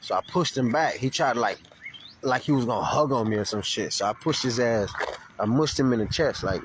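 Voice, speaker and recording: A man giving a casual, profane video update, telling stories in a loose, animated way. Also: mid-range voice, a little fast, noisy background. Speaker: vlogger. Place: Florida.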